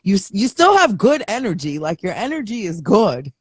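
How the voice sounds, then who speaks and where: A woman's voice: mid-range voice, big pitch swings, slightly rough, dry recording. Supportive woman hosting an interview. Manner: supportive, halting with fillers and restarts. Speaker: host of a live online show. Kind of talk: interview host talk.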